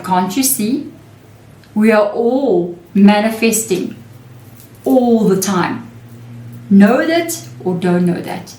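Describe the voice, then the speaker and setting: A woman's voice: mid-range voice, darkish tone, roomy sound. A woman giving a casual, reassuring tarot reading, chatting to viewers and acting out the people she quotes. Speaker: tarot reader.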